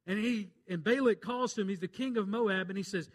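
A Southern preacher from Mississippi retelling a Bible story from the pulpit. His voice sits high for a man and rises and drops in volume with each turn. Folksy, country-plain storytelling. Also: brisk, hardly any pauses. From Mississippi, USA. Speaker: pastor. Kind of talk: sermon.

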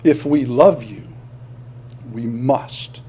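A man's voice: medium pitch, drawn-out words, warm tone, slight background noise. A male pastor preaching a sermon, earnest, often restarting words and building to emphatic points.

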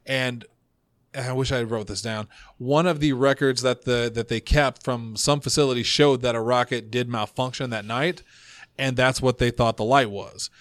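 A man of middling pitch hosting a casual podcast, telling stories from his notes in a chatty way. His voice is dry and close, with no room sound around it. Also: fairly even intonation, a bit bright, no room sound. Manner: chatty storyteller, reads notes, quick asides. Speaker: podcast host.

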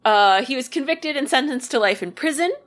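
A woman's voice: high voice, expressive, fairly quick, fairly bright tone. A woman co-hosting a podcast, casually recounting a true crime ghost story with lots of fillers. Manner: conversational storytelling with many fillers and "like". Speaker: podcast co-host.

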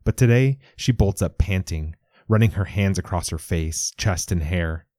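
Male narrator, deep and mellow, measured audiobook delivery, dry close read. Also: no echo. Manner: measured, even storytelling.

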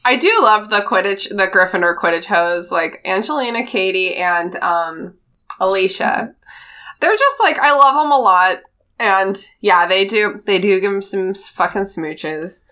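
A young woman with a bright, forceful voice co-hosts a casual podcast chat. She laughs a lot and rushes into lively, animated retellings. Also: medium pitch. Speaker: podcast co-host.

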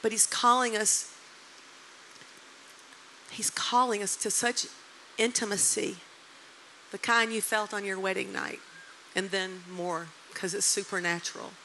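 Bright-voiced woman preacher in her sixties. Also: medium pitch, unhurried, pauses often, a little hiss or hum, low-quality recording. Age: 60s. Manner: animated storyteller, emotional and emphatic. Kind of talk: sermon storytelling.

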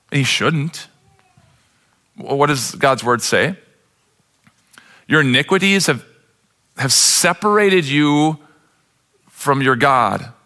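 A man's voice: a little high, pushed and bright. A man pastor preaching a sermon with impassioned delivery, sometimes acting out the characters in the story.

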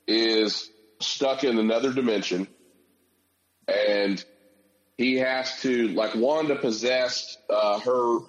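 A man of middle pitch talks casually as a podcast co-host. He lays out his arguments point by point with animated, engaged energy. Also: lo-fi sound. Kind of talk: casual chat.

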